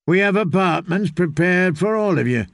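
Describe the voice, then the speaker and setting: A male narrator putting on a sleepy, coquettish young lady, lilting high and light. Her voice has a faint gravelly edge, recorded close and dry. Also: animated, moderate pace, no room sound. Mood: sleepy teasing. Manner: playful, coquettish. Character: drowsy teasing young noblewoman.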